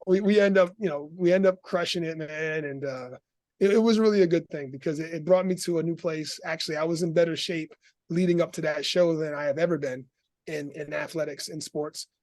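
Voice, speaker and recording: A middle-aged man as an interview guest, telling his story in an animated, laughing way. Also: a little high, brisk, dry recording.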